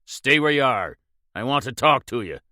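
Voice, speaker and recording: A man reading an audiobook, voicing a cool, menacing gunman hero who threatens calmly and mockingly. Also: medium pitch, normal speed, no room sound, studio quality.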